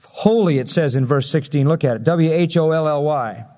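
High-voiced man preaching in a hall. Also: normal speed, warm tone. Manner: emphatic, rising and falling preaching delivery. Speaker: pastor. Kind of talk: sermon. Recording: long reverb of a hall.

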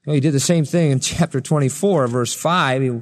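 A man's voice: on the high side, brisk, in a large hall. A man preaching a sermon, acting out quoted lines with a raised voice between plain explanation. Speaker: pastor.

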